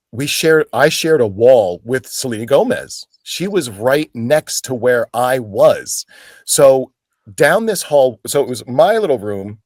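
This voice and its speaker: A middle-aged actor appearing as a guest tells casual anecdotes in an animated way, acting out the voices of the people in his stories. His voice is medium-pitched, and the studio-quality recording is dry.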